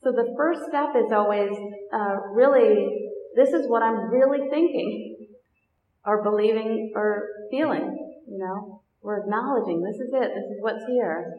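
A woman meditation teacher giving a dharma talk to a group, gentle, unhurried and reflective. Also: fairly high pitch. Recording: echoey hall, dull lo-fi sound.

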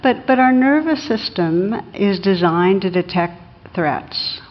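A woman's voice: mid-range voice, animated, slow. A woman meditation teacher giving a class talk, reflective, with light humor and small hesitations. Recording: lo-fi recording in a reverberant hall.

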